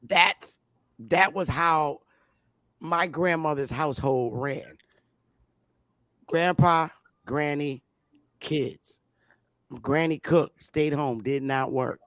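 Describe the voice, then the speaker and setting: A woman hosting a casual talk show, talking in an animated, emphatic way. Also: low-pitched, takes it slowly, pauses often, no room sound, studio quality. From Connecticut, US. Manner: animated, emphatic, exclaims loudly. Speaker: host.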